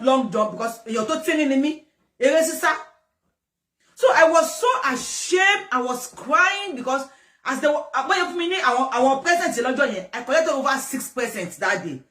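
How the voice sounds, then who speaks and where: A woman with a Nigerian accent giving lively, rambling commentary, often repeating herself. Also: fairly high pitch. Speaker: commentator host. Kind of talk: casual commentary mixing English and Yoruba. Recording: distant echoey room.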